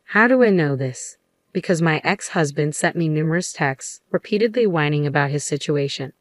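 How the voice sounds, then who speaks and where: A woman with a low voice reads a first-person story in a steady, even way. The recording is dry and close, with no room sound. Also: moderate pace, no echo. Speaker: narrator.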